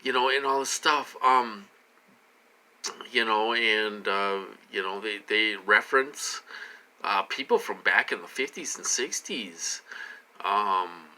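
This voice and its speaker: Rambling, halting man with a bright voice. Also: fairly low pitch, rough recording. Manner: rambling, halting, many fillers and repeated words; emphatic, voice rising and falling. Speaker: vlogger. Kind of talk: casual to-camera vlog monologue.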